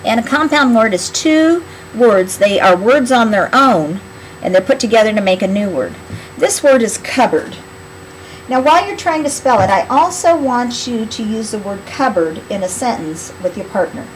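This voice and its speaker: A woman teaching a spelling lesson in a clear, patient, instructional voice. She draws out each word slowly so it can be heard sound by sound. A faint hiss of noise sits under the recording. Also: a little high, lively intonation, low-quality recording.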